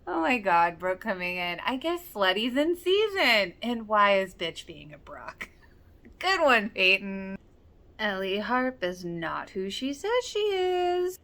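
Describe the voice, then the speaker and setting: A woman talks through a TV episode in a loose, chatty way. She exclaims often and slips into quoting the characters as she reacts. Her voice sits at an ordinary mid pitch. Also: big pitch swings, takes it slowly, bright, forceful tone. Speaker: rewatch reaction host. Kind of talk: casual reaction commentary.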